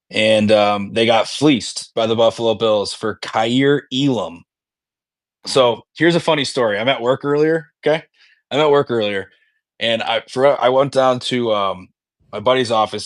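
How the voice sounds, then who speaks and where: A man's voice: on the low side, a bit bright, no echo. Profane rambling man chatting sports. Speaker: podcast co-host. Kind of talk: casual sports chat.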